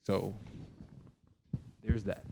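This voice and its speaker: A man's voice: drawn-out words, noisy background. A man from Brooklyn, a former pro wrestler, chatting as a guest in a comedic interview. He rambles with many restarts and apologies. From Brooklyn, New York. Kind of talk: casual comedic interview banter.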